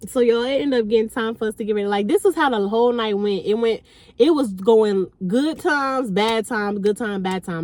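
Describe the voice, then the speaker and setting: A young woman vlogger telling a party story in a casual, animated, blunt way, talking straight to her viewers. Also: a little high, normal speed. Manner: animated, slangy and blunt, addressing viewers as y'all.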